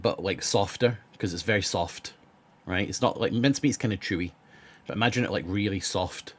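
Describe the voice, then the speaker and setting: A man with a sore throat riffs on food to his live-stream chat. He speaks in a lowish voice, blunt and rambling, with plenty of swearing and many restarts.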